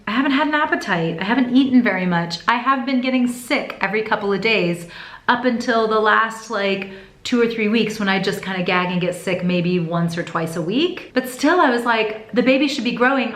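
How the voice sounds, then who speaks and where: A woman talking to camera in a casual vlog, telling her story in a chatty, expressive way. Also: mid-range voice. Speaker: vlogger. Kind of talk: casual pregnancy update vlog. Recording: echoey room.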